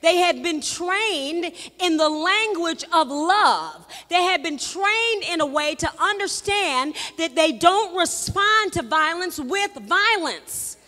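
A woman pastor preaching a live sermon, building from quiet, repetitive asides to loud call-and-response refrains. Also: very high-pitched, lively intonation, slow pace, few pauses. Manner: call-and-response preaching, repeats phrases, swells to shouts. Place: church sanctuary. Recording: long hall reverb in a church.

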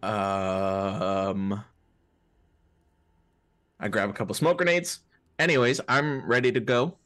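Slow-talking man playing a game. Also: fairly low pitch, steady tone, fairly bright tone, no echo, clean studio sound. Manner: hesitant, filler-heavy. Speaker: player. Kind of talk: casual tabletop game chat.

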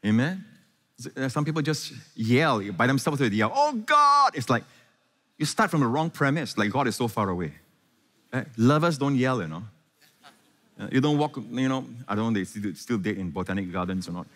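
A man's voice: medium pitch, expressive. Male pastor, mid-range voice, engaging call-and-response sermon, recorded in a reverberant church hall. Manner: engaging, quizzes the congregation with quick questions. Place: large church hall before a congregation. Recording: echoey hall.

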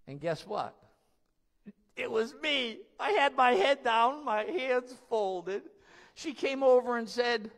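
A man's voice: very high-pitched, lively intonation, takes it slowly, fairly bright tone, in a large hall. A male pastor preaching a sermon in a church, telling stories emphatically and laughing now and then.

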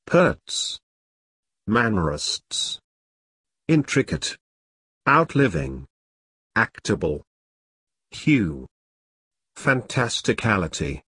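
A man reads a vocabulary list one word at a time, leaving a pause after each. His voice is low and husky, and his pitch moves freely between words. The delivery is very slow and the sound is dry and close. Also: sing-song, bright, forceful tone, no room sound. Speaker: vocabulary reader. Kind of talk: reading a word list aloud.

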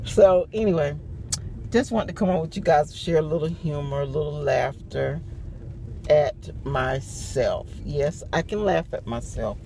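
A woman's voice: low-pitched, gravelly, mellow, a little hiss or hum. A woman in casual chat to camera as a couponing vlogger, dramatic and playful, hollering and laughing. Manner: dramatic, hollers and laughs often, slow drawn-out delivery.

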